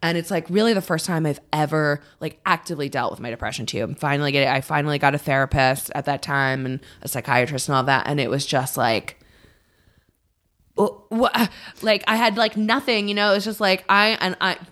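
A woman's voice: low voice, a little fast, fairly bright tone. A woman in her thirties, a podcast guest talking candidly and rambling, swearing freely and poking fun at herself. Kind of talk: candid casual chat.

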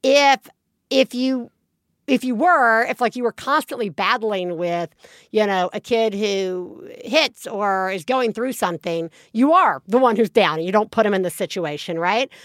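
A woman co-hosting a parenting podcast in casual chat, animated storytelling, acting out quotes and swearing freely. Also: on the high side, unhurried, dry recording, studio quality. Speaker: podcast co-host.

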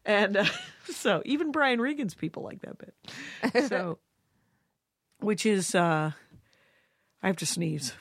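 A woman's voice: medium pitch, expressive, slow pace, long pauses, breathy edge, no echo, clean studio sound. Wry, chatty woman comic on a podcast. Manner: chatty, wry, laughs often. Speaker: podcast co-host, comedian. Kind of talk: casual chat.

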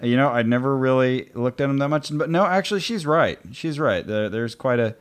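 A man's voice: medium pitch, expressive, fairly quick, clear, resonant tone. A man co-hosting a podcast, telling a story in an amused, thoughtful way. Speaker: podcast co-host. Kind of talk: casual chat.

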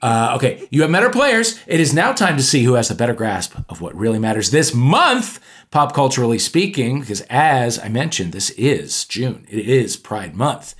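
A man hosting a comedy podcast game show, playful and animated, his voice jumping up for emphasis. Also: medium pitch, moderate pace.

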